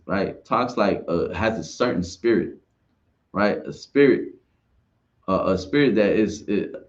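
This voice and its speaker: In a lo-fi recording, a man with a lowish voice gives an informal religious class talk. He rambles and repeats himself, frequently tacking on "right?"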